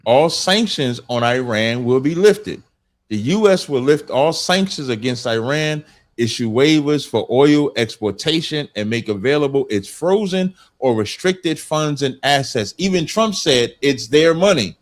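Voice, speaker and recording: A man's voice: mid-range voice, lively intonation, unhurried. A man on a political panel, insistently reading points aloud and adding his own comments. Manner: insistent, reads text aloud then comments. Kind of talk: heated panel debate.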